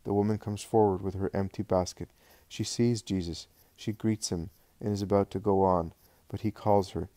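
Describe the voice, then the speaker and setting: Man narrator, devotional reading, calm measured pace, low dark voice, dry close sound. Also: dry recording. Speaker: audiobook narrator.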